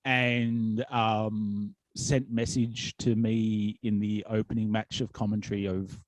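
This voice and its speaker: On a casual podcast, this Australian guest, who works as a wrestling commentator and promoter, spins meandering stories packed with fillers and false starts. He speaks slowly with few pauses, in a low, level voice, and the recording is dry.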